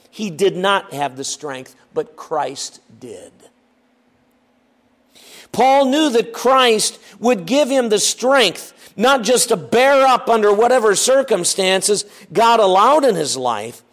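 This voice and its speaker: A man preaching a sermon, slow and emphatic, asking the listeners rhetorical questions. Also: high-pitched.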